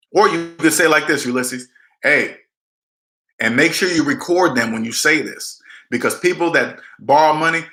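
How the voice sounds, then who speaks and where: A man's voice: medium pitch, sharp tone, echoey room. A man giving blunt, emphatic money advice in a casual chat, repeating his points and acting out the people he quotes. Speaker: debt advice vlogger. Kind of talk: casual live-stream advice talk.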